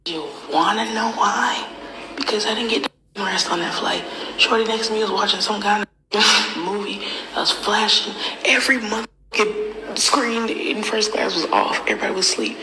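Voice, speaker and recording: A young woman ranting casually and profanely, often dropping into a half-whisper, with loud mocking outbursts. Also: on the low side, background noise. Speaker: comedian and internet personality. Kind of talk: casual confessional rant.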